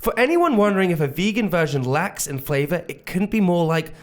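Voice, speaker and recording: A man's voice: high-pitched, sing-song, fairly quick. A man reading aloud in a hammy put-on American accent, in a jokey manner.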